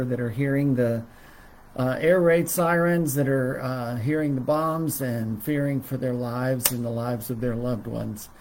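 A middle-aged man teaching a livestreamed Bible lesson as a preacher, halting often with fillers and restarts. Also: medium pitch, darkish tone, a little hiss or hum.

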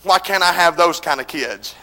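A man preaching a revival sermon, swinging between shouted, chanted lines and quieter pleading passages. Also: moderate pace. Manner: shouting, chanting preaching with sudden drops to low intensity. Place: church. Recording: echoey church hall with congregation.

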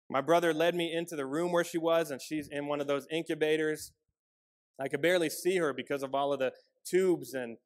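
Earnest man preaching a sermon. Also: a little high. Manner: earnest, personal storytelling with shifts between loud emphasis and quiet, soft passages. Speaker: pastor.

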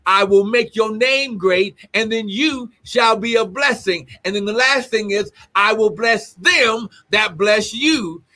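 A man preaching a livestreamed sermon, reading scripture aloud and breaking into shouts and exclamations. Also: sits high, unhurried, hardly any pauses. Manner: reads scripture aloud and comments.

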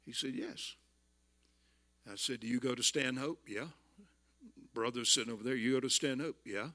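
A man in his seventies with a Southern US accent, telling stories in a folksy sermon and building to loud exclamations. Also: mid-range voice, normal speed, pauses often. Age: 70s. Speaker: visiting preacher. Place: church.

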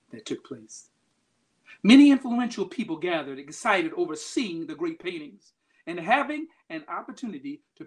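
A preacher telling an illustration story during a sermon with emphatic, dramatic swings in loudness. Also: medium pitch.

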